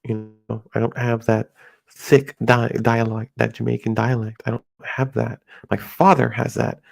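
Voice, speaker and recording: A middle-aged man from the United States talks off the cuff, his voice gravelly and set at a middle pitch. He rambles and halts, restarting his sentences as he goes, in a casual solo talk. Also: level tone, a little mellow. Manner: rambling, halting with many restarts and fillers. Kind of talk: casual monologue.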